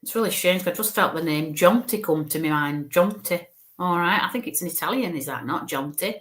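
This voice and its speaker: Her pitch fairly low and her tone a bit bright, a woman spirit medium moves fairly quickly through a live reading for viewers. She relays her impressions by thinking aloud, staying chatty and reassuring with plenty of "okay" and "bless you."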